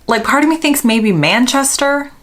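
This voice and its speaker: A woman's voice: high voice, animated, normal speed, a bit bright. A young American woman vlogger, casually thinking aloud and second-guessing herself while answering quiz questions. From United States.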